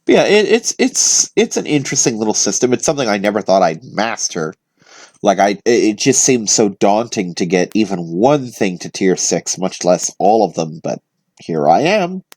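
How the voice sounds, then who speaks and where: Man chatting casually, lower voice, dry sound. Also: big pitch swings, normal speed, a little mellow, no echo. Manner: loose and conversational, with frequent fillers and restarts. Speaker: vlog host. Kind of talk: casual rambling chat.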